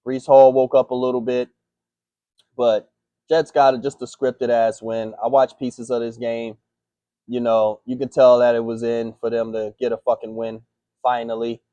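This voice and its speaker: A man's voice: mid-range voice, little pitch movement, moderate pace, mellow, no room sound, muffled recording. A man hosting a sports picks recap, talking in a heated, profane, slangy rant. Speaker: sports picks show host.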